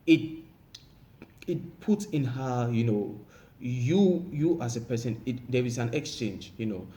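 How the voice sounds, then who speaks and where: A man's voice: medium pitch, warm tone. A man giving relationship advice in a casual monologue, repeating himself and saying "you know" constantly. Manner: repetitive, frequent "you know" fillers.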